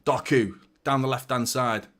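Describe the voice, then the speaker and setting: A man hosting a live football watchalong, chatting and joking with viewers and getting excited during attacks. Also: mid-range voice, measured pace. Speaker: fan channel host. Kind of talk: live match watchalong commentary and chat.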